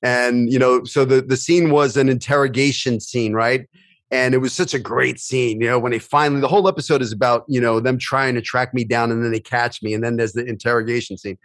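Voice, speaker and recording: A man hosting a casual interview, chatting and telling his own quick anecdotes, often saying "you know". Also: mid-range voice, fairly bright tone, no echo, studio quality. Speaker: interviewer and actor.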